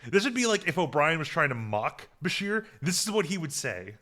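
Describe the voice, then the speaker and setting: A male podcast co-host talks casually, slightly high-pitched and a little fast, with crowd noise behind him. He rambles with many restarts and livens up when something strikes him as funny.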